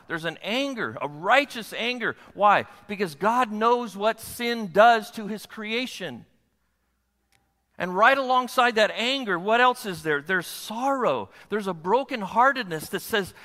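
A man's voice: high-pitched, lively intonation, normal speed, pushed and bright. A pastor preaching a sermon to his congregation, often asking them rhetorical questions. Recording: long hall reverb.

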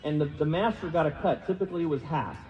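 Talking fast in a highish voice, a pastor gives a chatty sermon laced with self-deprecation. He gets the room to repeat words and fields questions to them, and the recording is echoey, dull and lo-fi.

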